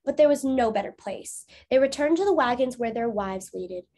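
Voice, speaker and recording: Her voice is on the high side yet dark in tone, expressive, and at normal speed as this teacher reads a story aloud to young pupils. Once she's finished, she poses encouraging discussion questions for the lesson.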